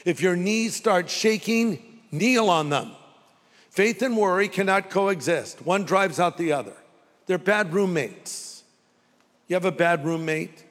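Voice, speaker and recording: Man, pastor, sermon, high voice, rhetorical questions, long hall reverb. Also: a bit bright. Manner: preaching with dramatic pauses and rhetorical questions.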